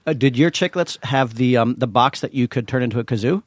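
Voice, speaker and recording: A man's voice: medium pitch, brisk, no room sound. A man co-hosting a podcast, teasing and playful in a casual studio chat. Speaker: podcast co-host.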